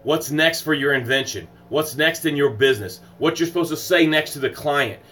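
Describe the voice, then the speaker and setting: A man's voice: fairly high pitch, normal speed. A man hosting a morning motivational livestream, emphatic and repetitive, greeting viewers by name and guiding breathing exercises. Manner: swings from loud exclamations to soft breathing guidance. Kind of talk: motivational live stream talk.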